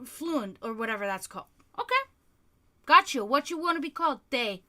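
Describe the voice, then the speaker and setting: A woman's voice: high-pitched, big pitch swings, bright, forceful tone. A European woman hosting a livestream, ranting heatedly with lots of swearing in casual talk. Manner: profane, heated, fast ranting. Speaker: livestream host.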